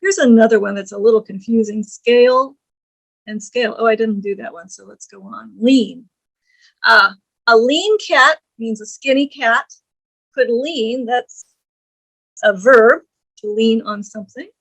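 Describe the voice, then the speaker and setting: A woman's voice: fairly high pitch, a bit bright, low-quality recording. A woman lecturing on English grammar, reading examples aloud and explaining them with frequent ums and uhs. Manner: slow, deliberate, reads quoted lines slowly; frequent fillers like um and uh.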